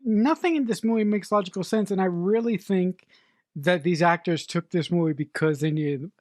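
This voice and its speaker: A woman's voice: lowish voice, moderate pace, darkish tone, no room sound, studio quality. A woman co-hosting a podcast in casual chat, blunt and exasperated, swearing freely. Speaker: podcast co-host. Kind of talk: casual movie review chat.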